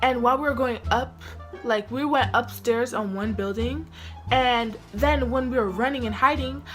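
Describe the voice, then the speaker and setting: A woman telling a personal story in casual story-time style, animated and full of "like" fillers, acting out the people in it with big jumps in pitch. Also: moderate pace, faint music behind.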